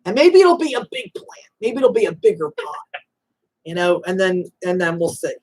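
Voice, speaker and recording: A woman's voice: on the low side, big pitch swings, moderate pace, a little mellow, breathy edge. A woman hosting a live call-in spiritual reading show, talking in an emphatic, motherly way and calling guests honey and sweetie. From Italian-American background. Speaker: psychic reader and show host.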